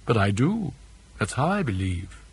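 A man puts on a whimsical young aristocratic student in a storybook reading, light and teasing with a petulant streak. The voice is husky, and the pitch sits in a middling register. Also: sing-song, normal speed, dry recording.

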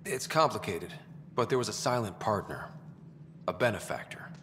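A steady young pathfinder who probes with questions in a low, level voice. The game audio has long reverb and faint noise behind. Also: male voice, moderate pace. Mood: inquisitive. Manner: inquisitive, level. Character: curious young male pathfinder hero, steady.

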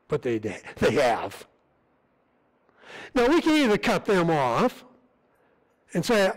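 Preaching slowly in a fairly high, sing-song voice, this visiting missionary pauses often during his sermon in a church sanctuary. He sounds earnest and conversational, restarting frequently, and the recording is rough.

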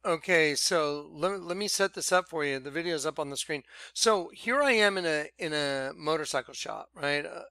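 A man casually telling a personal story to his viewers, animated and full of "I'm like" retellings. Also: a little high, normal speed, hardly any pauses, no echo. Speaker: vlogger.

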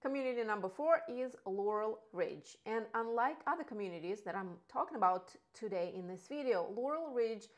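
A chatty, enthusiastic woman presents neighborhoods for a real estate video. English is not her first language, and she talks in a mid-range voice. Her style is casual, with asides and small self-corrections. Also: medium pitch.

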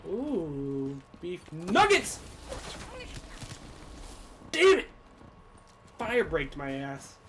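A man giving live gameplay commentary as a gaming YouTuber, swinging from low muttering to sudden yelling. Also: huge pitch swings, extremely slow, long pauses, a little hiss or hum.

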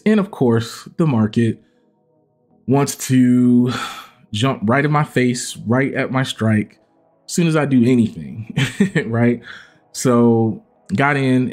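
A man's voice: medium pitch, darkish tone. A man giving a casual, self-mocking recap of his day's trades, acting out his own inner dialogue. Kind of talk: casual screen-share trading recap.

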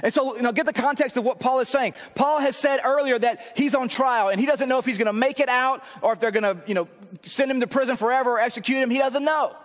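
High-pitched male pastor, chatty preaching that builds to shouts; reverberant sanctuary. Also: fast. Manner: conversational preaching, rising to emphatic shouts. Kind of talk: sermon.

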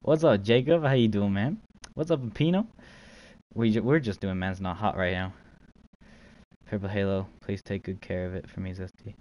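A man's voice: lowish voice, normal speed, pauses often, dull audio. A man streaming live, casually chatting and joking as he reads chat aloud. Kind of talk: casual livestream chat while trading.

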